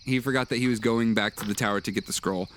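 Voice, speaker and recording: A man narrating as game master of a tabletop game, pausing often with fillers. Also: medium pitch, fairly even intonation, slight background noise. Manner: hesitant, many uh fillers.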